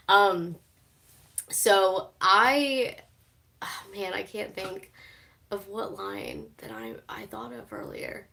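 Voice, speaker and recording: A young woman talks casually on a live stream, recorded on her phone. She laughs easily, swears without thinking about it, and fills her pauses with "um" and "like.". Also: mid-range voice, sing-song, sharp tone. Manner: chatty, swears freely, laughs often, many fillers. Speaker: streamer reacting to a TV show.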